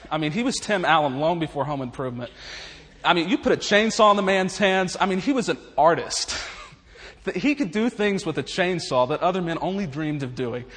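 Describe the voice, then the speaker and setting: A man's voice: a little high, lively intonation, moderate pace, fairly bright tone. A man preaching in a humorous, folksy way, chuckling his way through stories. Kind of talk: humorous storytelling sermon. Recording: long reverb of a large hall.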